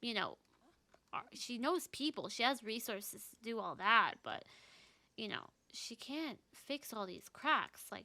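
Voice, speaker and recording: A woman's voice: fairly high pitch, gravelly, sharp tone. A woman chatting casually over her gameplay, narrating what her characters do with lots of fillers. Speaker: gameplay video creator. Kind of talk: casual let's-play commentary.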